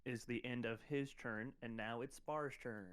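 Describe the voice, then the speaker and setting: A man's voice: mid-range voice, steady tone, moderate pace, clean tone, far from the mic. A man running a tabletop game as game master, explaining rules with many fillers and restarts.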